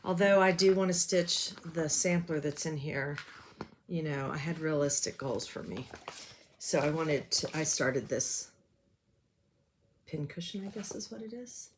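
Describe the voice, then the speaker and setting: A woman's voice: deep voice, lively intonation, unhurried, slight background noise. A woman chatting casually about her stitching projects, rambling and self-deprecating, with lots of ums. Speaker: cross-stitch vlogger. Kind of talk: casual show-and-tell chat.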